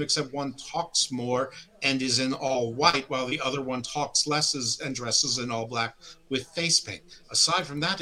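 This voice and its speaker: Guy on a wrestling podcast, bright punchy voice, jokey. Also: on the high side, rough recording. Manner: joking, mock-impressions, self-plugging. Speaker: podcast co-host. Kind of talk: casual wrestling review chat.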